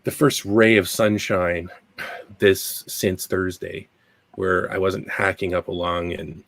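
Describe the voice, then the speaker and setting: Middle-aged Canadian male host, deep-ish voice, rambly casual delivery, still a bit under the weather. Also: flat delivery, takes it slowly, vocal fry, a bit bright, no echo. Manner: rambling, chatty, self-deprecating. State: recovering from a cold. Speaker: podcast host. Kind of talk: casual podcast chat.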